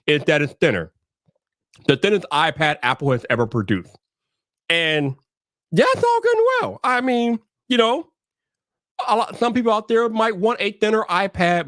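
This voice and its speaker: Dude with a pretty high voice running a tech livestream, loose and jokey, hype-man talk, dry close mic sound. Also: a bit bright, no echo. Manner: loose, joking, hype-man delivery with slangy phrasing. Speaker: livestream host. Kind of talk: casual tech livestream chat. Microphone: streaming setup mic.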